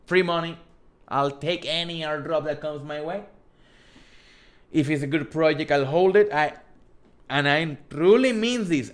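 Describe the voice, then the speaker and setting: A man with a thick Spanish accent hosting a casual live stream, reading viewer questions aloud and rambling with many restarts and self-corrections. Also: a little high. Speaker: host.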